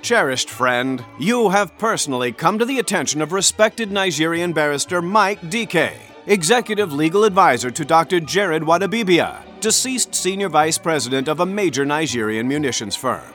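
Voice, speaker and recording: A man reading a comic mock advertisement in a slow, mock-formal manner. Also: fairly high pitch, animated, fairly bright tone, soft background music. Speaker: show host reading a mock ad.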